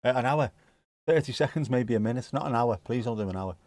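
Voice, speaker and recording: Streaming from home, a man hosts a football watchalong, commenting on the match in a chatty, laid-back way and swearing freely. His mid-range voice has a darkish tone, he talks fast, and there's no echo.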